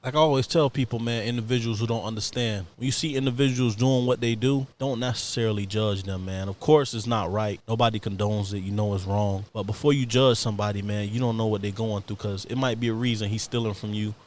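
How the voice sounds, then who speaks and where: Young guy on a podcast, talks quick, slangy street stories, a little room hum behind. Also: lowish voice, steady tone, darkish tone. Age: young adult. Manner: street-slang storytelling, acts out quotes. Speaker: podcast guest. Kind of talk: casual storytelling interview.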